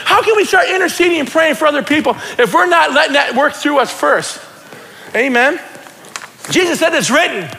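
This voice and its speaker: Man, pastor, high bright voice, excited shouting, long hall reverb. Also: normal speed, creaky, a little hiss or hum. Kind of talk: sermon.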